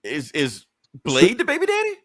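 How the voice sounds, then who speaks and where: A man co-hosting a casual podcast, recapping comic books in a loose, profane, joking way. His pitch swings a lot as he tells the story. The sound is dry and close. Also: huge pitch swings, fairly bright tone, no room sound. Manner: laid-back, profane, recaps comics with quick put-on quotes. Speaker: podcast co-host. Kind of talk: casual comic book chat.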